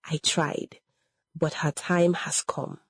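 A woman voicing a calm, wise old male herbalist who speaks gently. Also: sits low, takes it slowly, breathy edge, dry recording, studio quality, full character voice. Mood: solemn.

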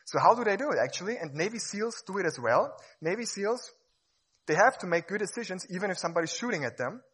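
Husky, playful man giving a stage talk. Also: high voice, fast. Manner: lively, playful, acts out examples. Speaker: speaker.

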